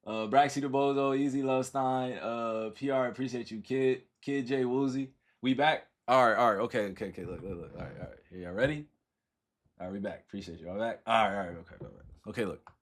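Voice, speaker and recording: A man in his thirties casually talking to his livestream chat, loose and repetitive, often tagging his sentences with "right?" and "all right?". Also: medium pitch.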